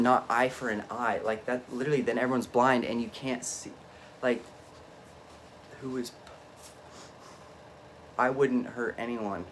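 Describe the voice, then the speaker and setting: A man talks on and on in a loose, unscripted monologue at an ordinary mid pitch. His delivery swings between low muttering and sudden emphatic bursts, and he keeps breaking off and restarting his thoughts. Faint noise sits behind him. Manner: frequent self-interruptions and restarts. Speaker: vlogger.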